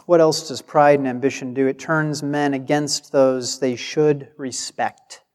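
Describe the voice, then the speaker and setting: A man's voice: medium pitch, fairly even intonation, a little slow, a little mellow. A man preaching a sermon with emphasis, acting out the replies he quotes. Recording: long hall reverb.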